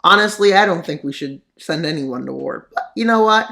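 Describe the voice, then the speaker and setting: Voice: mid-range voice, animated, brisk, vocal fry, pushed and bright. A mapping video narrator giving casual commentary on a war scenario, full of sarcastic, rambling asides.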